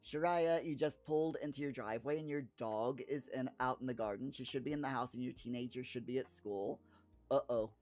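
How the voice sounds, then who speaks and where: A man's voice: medium pitch, fairly quick, a little mellow. A man with a mid-range voice chats casually with his viewers, rambling and restarting his sentences often. Faint music plays behind him. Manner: rambling, with frequent restarts and chuckles. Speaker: streamer reading chat. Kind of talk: casual chat.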